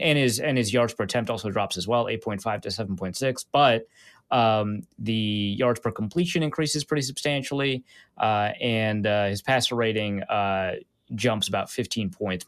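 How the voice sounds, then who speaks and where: A man's voice: medium pitch, dry recording. A man hosting a casual football podcast, walking through stats with frequent "uh" and "um" fillers. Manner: stat-heavy, many "uh" and "um" fillers. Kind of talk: casual football analysis chat.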